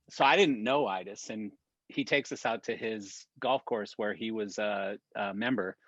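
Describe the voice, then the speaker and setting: A man's voice: on the low side, pushed and bright, dry recording. A man on a video call, chatting casually and telling anecdotes with laughs and swearing. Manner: profane, laughing anecdote-teller. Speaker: regular on a weekly industry chat. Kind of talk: casual chat, storytelling. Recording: dull dry video-call audio.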